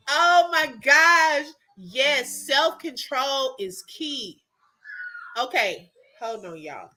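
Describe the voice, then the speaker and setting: A woman chats with her viewers as she tells a story, her voice high and sweeping up and down. She sounds bright and animated, breaking into laughs easily. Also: slow. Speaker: livestream host chatting with viewers. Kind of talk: casual storytelling chat.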